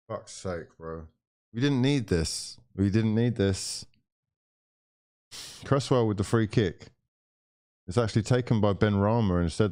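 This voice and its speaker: A young man with a fairly low voice rants through a live football watchalong. He swears freely and banters with his chat in an exasperated way. His voice sounds dry and close. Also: a little mellow, no echo.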